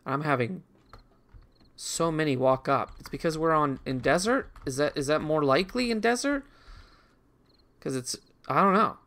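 A man's voice: on the high side, animated, normal speed, long pauses, a bit bright. A man telling a rambling, reflective childhood story in casual conversation while commenting on a video game he is playing. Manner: rambling and reflective, with frequent restarts and asides to the game. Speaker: gaming channel host.

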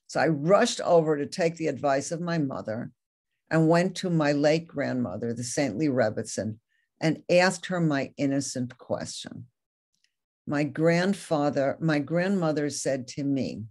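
A woman's voice: sits low, expressive, unhurried, darkish tone. A woman Torah teacher giving a lecture, earnestly retelling a story and reading quoted passages aloud.

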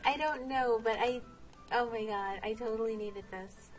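A woman with a somewhat high voice vlogs casually while playing a game, speaking at a normal pace. She chats, laughs and exclaims often over soft background music.

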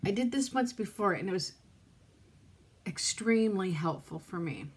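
A woman's voice: mid-range voice, animated, normal speed, breathy edge. A woman vlogging from her home in rambling casual chat to camera, frustrated and close to tears. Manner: frustrated, rambling, self-talk.

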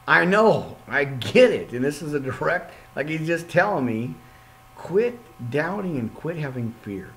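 A man leading an informal Bible study podcast, reading scripture aloud and breaking off into excitable, jokey asides. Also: on the high side, moderate pace, slight background noise, poor audio. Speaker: podcast preacher.

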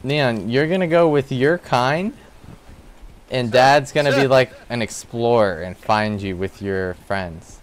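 A young man hosting a casual gaming session with friends over voice chat, animated and yelping at jump scares. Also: medium pitch, measured pace, slight background noise. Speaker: gaming host.

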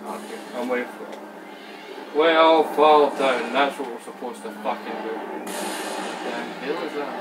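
A Scottish man playing a video game, swearing constantly and shouting at the screen. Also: mid-range voice, measured pace, long pauses, recorded from a distance. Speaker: gamer playing a shooter. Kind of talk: live reactions while gaming. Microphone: camera across the room. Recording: echoey room, off-mic, background noise.

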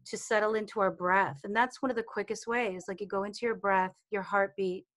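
A woman teaching about intuition and calm on a live video call, chatty, with many fillers and acted-out quotes. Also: mid-range voice, brisk. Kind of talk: casual talk in a live online session.

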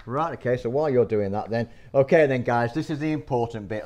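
Chatty cooking host. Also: male voice, mid-range voice, brisk, a little mellow. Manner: chatty, instructive, banters with guest. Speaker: cookery show host. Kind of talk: casual cooking demonstration. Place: school kitchen.

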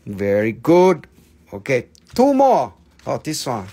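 A man's voice: medium pitch, wildly swooping pitch, slow pace, mellow, breathy edge. A man selling rocks and amber on a live stream, teasing viewers, swearing freely and rattling off bargain prices in non-native English phrasing. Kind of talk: joking live sales pitch.

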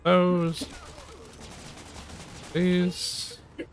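A man giving casual gameplay commentary, excitable, playful and chatty. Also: high-pitched, very slow. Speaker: gaming streamer.

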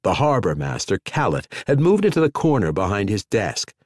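Male audiobook narrator, lowish voice, very lively pitch, dry studio mic. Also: normal speed, no room sound. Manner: expressive storytelling. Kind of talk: scripted narration.

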